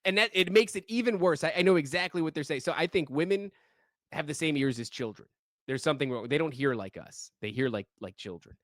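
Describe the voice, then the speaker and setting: A man co-hosting a podcast, reading listener stories in casual chat, animated and profane, often laughing while he reads. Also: fairly high pitch, fairly quick, dry recording, clean studio sound.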